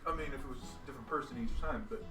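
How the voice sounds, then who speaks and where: A man's voice: mid-range voice, racing, bright, forceful tone, faint music behind, low-quality recording. A man co-hosting a game playthrough, bantering in a dry, teasing way. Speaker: co-host. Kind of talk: casual banter.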